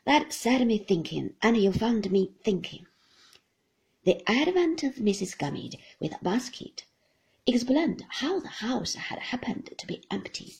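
A woman reads a classic novel aloud in a measured, expressive way. Her voice sits fairly high and moves a lot, with a very breathy, husky quality. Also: rough recording. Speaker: audiobook reader. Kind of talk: scripted narration of a novel.

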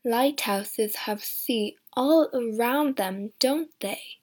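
A woman voicing a gentle, shy, deformed young man who speaks in a strange, slow voice. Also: a little high. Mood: gentle, resigned.

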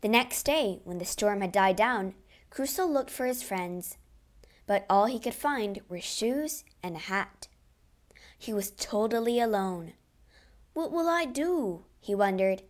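A woman narrating a classic adventure storybook in a clear, expressive read-aloud manner. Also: medium pitch, unhurried.

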